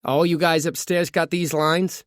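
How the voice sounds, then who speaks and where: A man's voice: fairly high pitch, steady tone, measured pace, a bit bright, no echo, studio quality, pitched above the performer's own voice. A man reading as a chatty, friendly woman. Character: friendly middle-aged woman neighbor, chatty and easygoing.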